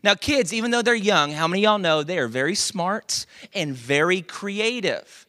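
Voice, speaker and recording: A man's voice: high-pitched, animated, normal speed, pushed and bright. A man preaching a sermon as pastor, conversational and joking, asking the congregation rhetorical questions.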